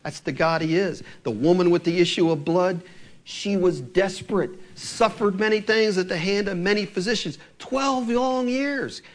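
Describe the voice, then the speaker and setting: A man preaching a sermon, retelling scripture stories with animated delivery and acting out the lines of the people in them. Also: high voice, normal speed.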